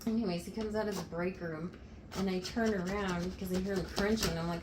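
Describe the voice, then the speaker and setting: A woman telling a funny story in a casual, animated way, swearing now and then. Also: medium pitch, brisk. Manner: animated, lively retelling with swearing. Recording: roomy, noisy, off-mic.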